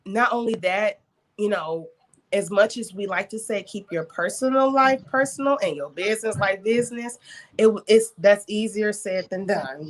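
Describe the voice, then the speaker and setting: Woman guest, small business owner, chatty and loose, lots of filler words, mid-pitched voice. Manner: chatty, frequent fillers, laughs easily. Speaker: beauty studio owner, guest. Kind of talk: casual interview talk.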